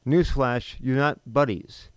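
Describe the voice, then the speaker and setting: A man's voice: mid-range voice, fairly even intonation, slow pace, clear, resonant tone, no echo. A man in his fifties hosting a talk show, delivering an unscripted, indignant monologue full of rhetorical questions and restarts. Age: 50s. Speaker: podcast host.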